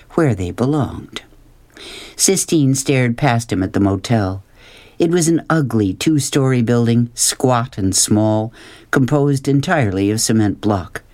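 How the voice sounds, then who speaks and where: A man reading a children's novel aloud as the audiobook narrator, in measured, unhurried scripted narration. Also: medium pitch, darkish tone.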